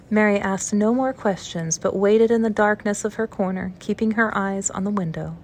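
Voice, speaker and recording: A woman narrating a classic children's novel in a steady, even-paced audiobook style. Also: mid-range voice, moderate pace, hardly any pauses, slight background noise. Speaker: storybook reader.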